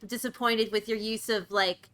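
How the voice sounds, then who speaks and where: A woman's voice: a little high, normal speed, rough recording. A woman streaming, chatting casually to her viewers with plenty of "like" and "oh, shucks" exclamations. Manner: chatty, excitable, peppered with "like" and "oh, shucks". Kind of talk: casual chat while watching trailers. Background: trailer and game music.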